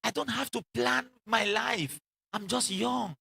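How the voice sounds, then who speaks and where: A man preaching a sermon in an animated way, acting out quoted voices and repeating lines for emphasis, with laughs between lines. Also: very high voice, measured pace, vocal fry, slightly rough.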